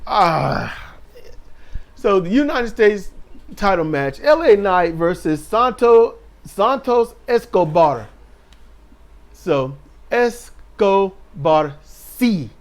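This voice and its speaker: A man with a high voice talks through a wrestling episode in a loose, offhand way. He is sarcastic and pokes fun at what he watched. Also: lively intonation, extremely slow. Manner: sarcastic, mocking impressions in a raised voice. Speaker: wrestling show reviewer. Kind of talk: casual recap commentary.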